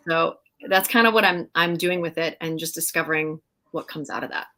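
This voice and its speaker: Woman, middle-aged, lowish voice, animated, laughs often, casual interview guest. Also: brisk. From Canada. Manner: animated storyteller, laughs often, many fillers. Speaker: guest actress.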